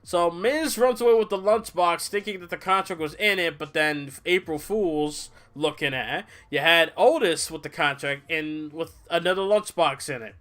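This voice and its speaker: A man's voice: a little high, normal speed, hardly any pauses. A young man casually reviewing a wrestling show on a livestream, rambling, swearing and tired from little sleep. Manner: rambling, animated, swears, mimics people in quotes.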